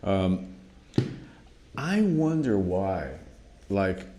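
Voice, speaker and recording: Brief: man, drum teacher, lower voice, animated storytelling with frequent restarts. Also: extremely slow. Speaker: drum instructor. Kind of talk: casual storytelling monologue.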